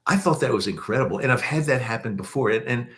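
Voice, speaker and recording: A man's voice: mid-range voice, expressive, fast talker, a bit bright. A man with a Baltimore accent hosting a casual livestream, talking in a rambling, chatty way with many restarts and fillers. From Baltimore, USA. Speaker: podcast host.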